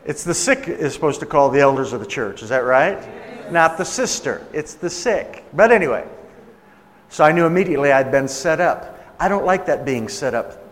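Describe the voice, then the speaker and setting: A man preaches a sermon and tells it as a story, chatting with his listeners and acting out the people in it. His voice sits a little high. A long reverb from the hall trails after each phrase. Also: animated, moderate pace, slight background noise. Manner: conversational, acts out quoted voices.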